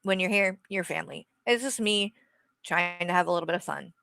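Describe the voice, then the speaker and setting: Woman host, blunt sarcastic rant, crisp bright tone, dead-dry sound. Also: fairly low pitch, fairly quick, no echo. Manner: blunt, sarcastic, swears freely. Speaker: streamer host. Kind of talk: casual rant to viewers.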